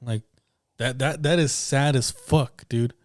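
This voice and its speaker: A man's voice: mid-range voice, fairly even intonation, slow pace, dry recording. Earnest, heated man, plain dry sound. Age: adult parent. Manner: earnest, heated, swears heavily. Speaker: podcast co-host. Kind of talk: casual chat.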